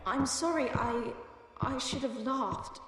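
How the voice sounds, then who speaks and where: A woman's voice: high-pitched, unhurried. An actress playing a frightened young noblewoman who stammers in fear, in a video game. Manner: fearful, stammering. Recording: echoey, distant, loud game music.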